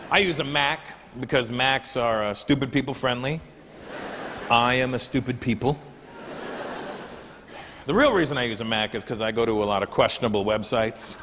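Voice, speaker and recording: A man's voice: mid-range voice, animated, moderate pace, long pauses. A man doing a stand-up comedy set, brash and profane, teasing the crowd. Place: live comedy venue with audience. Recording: echoey hall with audience noise.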